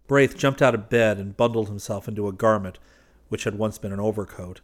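Male audiobook narrator, lowish, measured delivery. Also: steady tone.

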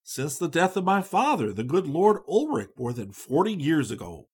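A man voicing a kind middle-aged lord in a storybook, measured and gentle. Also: on the high side, big pitch swings, slightly rough, heavily acted.

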